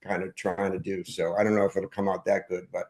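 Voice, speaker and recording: Low-voiced older man, rambling and chatty. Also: flat delivery, fairly quick, a little mellow. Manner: rambling, self-interrupting, trails off. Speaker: punk band frontman, guest. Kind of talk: casual conversation. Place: at home, dog nearby.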